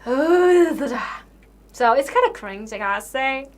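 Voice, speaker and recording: A woman's voice: on the high side, normal speed, a bit bright, a little hiss or hum. A young woman hosting a live stream, chatting casually with viewers and answering questions. She talks in a sarcastic, incredulous way, with lots of fillers, and she swears now and then.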